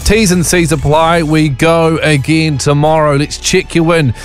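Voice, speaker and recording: A man's voice: fairly high pitch, fairly even intonation, a little slow. A man hosting a drive-time radio show, chatty and upbeat, over a faint music bed. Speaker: radio host.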